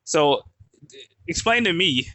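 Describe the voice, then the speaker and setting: A man's voice: a little high, expressive, a little slow, bright, forceful tone, no echo. A man hosting a podcast, talking in a blunt, questioning way and often repeating himself. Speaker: podcast host. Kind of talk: casual podcast conversation.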